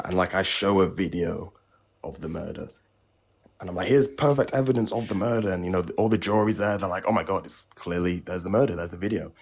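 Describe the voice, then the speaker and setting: A man arguing a flat earth position in a heated online debate, pushing back with questions. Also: low voice, gravelly, breathy edge. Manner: argumentative, pushes back with questions.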